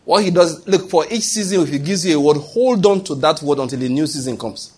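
A man's voice: fairly high pitch, lively intonation, fairly quick, a little mellow, slightly rough. A man preaching a sermon, asking rhetorical questions and answering them himself with emphatic repetition.

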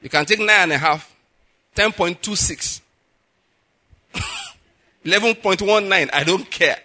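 A middle-aged male pastor preaching a sermon, pushing his voice higher and louder to stress his points. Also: lively intonation, slow. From Nigeria. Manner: emphatic, rises in pitch and volume to stress points.

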